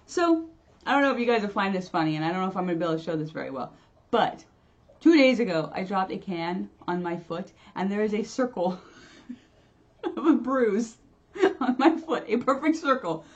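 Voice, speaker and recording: A woman's voice: mid-range voice, big pitch swings, moderate pace, dull audio. A woman spiritual medium chatting casually on a livestream, rambling, laughing often and restarting her sentences. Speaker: spiritual medium and channel host. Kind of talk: casual livestream chat answering viewers.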